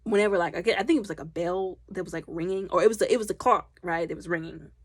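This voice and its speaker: A woman recapping a film loudly and animatedly, acting out the characters' lines. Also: lowish voice, fast talker, breathy edge, no echo, clean studio sound. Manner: loud. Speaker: movie reviewer. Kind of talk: casual movie recap.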